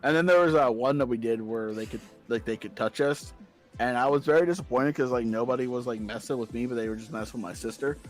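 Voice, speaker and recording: With a quick pace, a male podcast guest tells lighthearted stories in easygoing conversation. He breaks into squeaky voices to quote people, and faint background music plays beneath.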